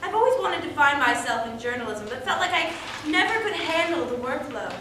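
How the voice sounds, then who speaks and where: A woman's voice: high voice, lively intonation, brisk, background noise. An actress playing an eager, chatty young female corporate lawyer. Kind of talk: stage acting in a reading. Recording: echoey room from far off.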